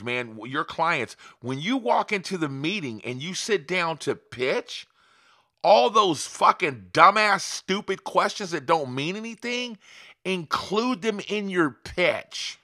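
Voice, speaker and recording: A man's voice: a little high, bright, forceful tone, no echo, studio quality. A man giving a casual motivational talk as a marketing coach, profane and emphatic, with frequent laughs and rhetorical questions. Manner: profane, emphatic, fast-shifting; laughs often, asks rhetorical "right?".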